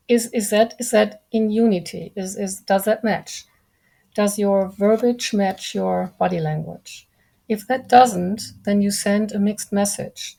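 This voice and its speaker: Calm, measured woman with slight gravel. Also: medium pitch. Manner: calm, measured, deliberate speech. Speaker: guest. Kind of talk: conversational interview.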